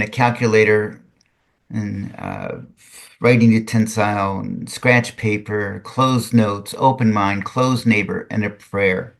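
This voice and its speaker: Older man reading verse with lively lilt. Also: on the low side, measured pace, vocal fry. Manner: lively sing-song reading, drier asides. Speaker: retired substitute physics teacher. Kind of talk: reading a student's poem aloud with comments.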